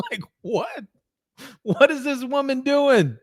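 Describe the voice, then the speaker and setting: High-pitched, incredulous male vlogger. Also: animated, measured pace, a bit bright, dry recording, studio quality. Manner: incredulous, mocking, laughs often. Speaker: commentary vlogger. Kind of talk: excited opinion rant.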